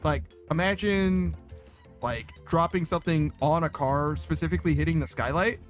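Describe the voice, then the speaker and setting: A man's voice: on the high side, moderate pace, soft background music. Rambling, laughing man streamer. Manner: laughs often, swears freely, rambling with many fillers. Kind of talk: casual live-stream chat reading comments.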